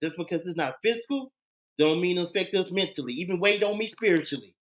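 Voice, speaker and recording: A man chatting casually and then reciting spoken-word poetry in a laid-back, slangy, deliberate way over a streamed call. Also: sits high, expressive. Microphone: video call stream.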